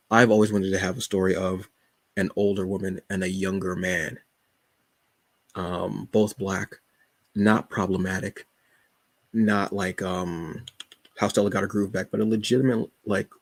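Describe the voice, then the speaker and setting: A man's voice: fairly low pitch, creaky, husky, no echo. A man hosting a solo comics show, rambling enthusiastically with many fillers. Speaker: podcast host reviewing comics. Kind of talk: casual solo chat.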